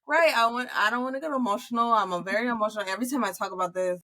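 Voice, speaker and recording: Young woman podcaster, bright edge to the voice, emotional and profane. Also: on the high side, rapid-fire. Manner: candid, profane, tearful at times, quoting herself loudly. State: close to tears. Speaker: podcast co-host. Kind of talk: emotional casual chat.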